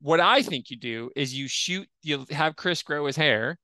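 A man guesting on a podcast, talking about films in an animated, jokey way. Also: a little high, measured pace, no room sound. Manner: animated, jokey, slips into impressions. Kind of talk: casual film discussion.

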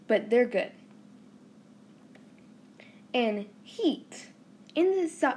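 A woman's voice: on the high side, a little mellow. Bubbly young Southern woman podcaster. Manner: bubbly, rambling, jokey. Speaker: podcast host. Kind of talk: casual chatty podcast monologue.

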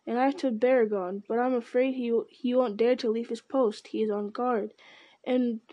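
A woman's voice: high-pitched, normal speed, no echo, lo-fi sound, voice pushed up, lightly acted. Pippin, a woman doing a frightened young hobbit. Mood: frightened pleading. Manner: breathless, pleading, tumbling words. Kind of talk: audiobook character voice.

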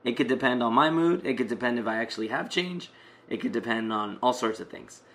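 A man's voice: mid-range voice, lively intonation, a little fast, a bit bright. A man casually telling a personal story, rambling with many fillers and restarts.

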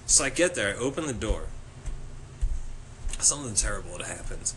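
Guy on a podcast telling a crazy story, bright sharp voice, swears a lot, faint noise behind. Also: on the low side, moderate pace. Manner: animated, laughing, swears freely. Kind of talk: casual storytelling chat.

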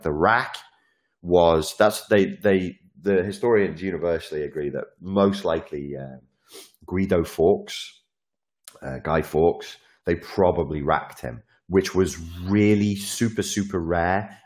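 A man with a very deep voice talks through a casual, animated monologue. He swears freely, jumps between asides, and slips into little performances of the lines he quotes. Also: unhurried.

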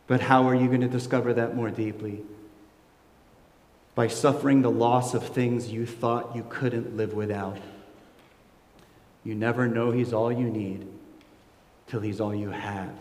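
A man in his forties preaches in a large church hall, his voice ringing out with a long, roomy reverb. He moves between hushed, low asides and loud, high emotional peaks, in a middle-pitched voice. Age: 40s. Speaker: pastor. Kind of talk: sermon.

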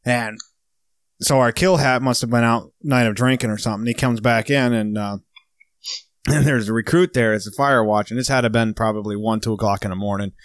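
A man hosting a podcast, easygoing and quick to chuckle while he tells his own boot camp story. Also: medium pitch, steady tone, no room sound, studio quality. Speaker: podcast host. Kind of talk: casual chat.

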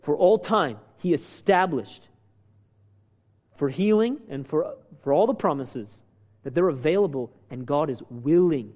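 A man preaching a sermon, animated, asking the crowd rhetorical questions and acting out quotes. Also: on the high side, measured pace, dull audio. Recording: long hall reverb.

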